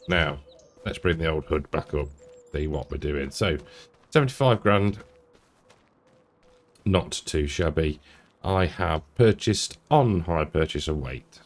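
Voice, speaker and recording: A British man giving relaxed, self-mocking commentary while playing a farming game at his desk mic, with frequent ums and little laughs. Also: low voice. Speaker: gaming channel host. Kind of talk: casual gameplay commentary.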